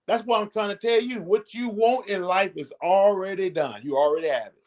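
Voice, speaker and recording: A man's voice: high-pitched, fairly quick. A middle-aged man giving a motivational talk to his channel's viewers, preachy and repetitive, getting fired up as he encourages them. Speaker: network marketing channel host.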